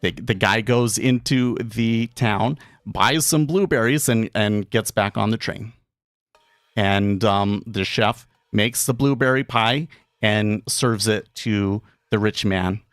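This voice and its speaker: A man's voice: lowish voice, takes it slowly, dry recording, studio quality. A man who runs a day trading stream, chatting casually and rambling through an anecdote, raising his voice to act out the people in it. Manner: rambling storyteller, acts out quoted characters with a raised voice. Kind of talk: casual live-stream chat.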